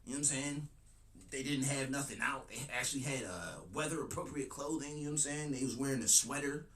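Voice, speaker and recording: A man's voice: mid-range voice, fast, fairly bright tone. A man streaming his reactions to videos, talking in a crude, joking way and often saying "you know what I'm saying". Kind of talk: casual commentary. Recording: echoey room with faint noise.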